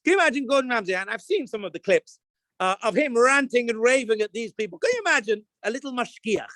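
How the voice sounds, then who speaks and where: Animated rabbi telling stories, dry sound. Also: male voice, very high voice, quick pace, dry recording. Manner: animated storyteller, acts out scenes, jumps to shouts. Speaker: rabbi, kosher supervisor. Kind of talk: casual talk to camera.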